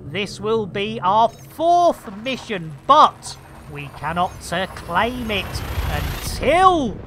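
A woman talks her way through a live game session in an unhurried, drawn-out manner, her voice bright and forward. She keeps up a jokey running patter of slang and small asides. A faint hum sits underneath. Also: medium pitch, sing-song. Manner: chatty, jokey, full of playful slang and muttered asides. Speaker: game streamer. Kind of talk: live gameplay commentary.

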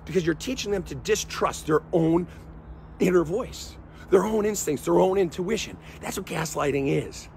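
A man's voice: high voice, normal speed, creaky, darkish tone, slight background noise. A middle-aged man, a therapist, giving blunt, emphatic commentary straight to camera, driving his points home with repeated questions.

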